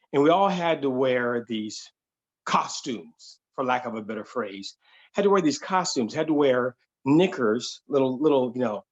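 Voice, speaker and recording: Husky-voiced male comic storyteller. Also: mid-range voice, lo-fi sound. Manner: animated, conversational, full of voices and fillers. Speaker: solo performer and storyteller. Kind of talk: comedic live-streamed storytelling.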